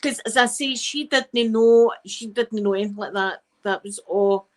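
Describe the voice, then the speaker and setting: A woman's voice: fairly high pitch, normal speed, poor audio. A middle-aged Scottish woman spins a rambling, digressive yarn for her live stream. She talks frankly and swears without a second thought. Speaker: channel host. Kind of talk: casual storytelling on a live stream.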